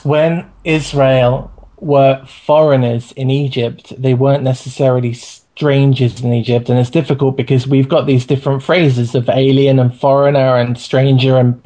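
A man with a relaxed, dark voice talks through scripture in an easygoing podcast chat. He reads verses off his screen and restarts his sentences as he thinks. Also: medium pitch, moderate pace, hardly any pauses. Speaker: co-host of a Bible study podcast. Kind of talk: casual discussion of scripture.

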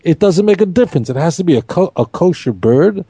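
A man teaching a Torah study class in an animated, emphatic way, repeating key points and asking rhetorical questions. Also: fairly high pitch, brisk, breathy edge, no echo.

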